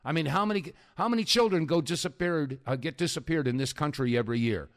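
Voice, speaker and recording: A man hosting a talk radio show, his voice sitting a little higher than most. He rambles through his monologue with plenty of fillers and the odd chuckle. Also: fast.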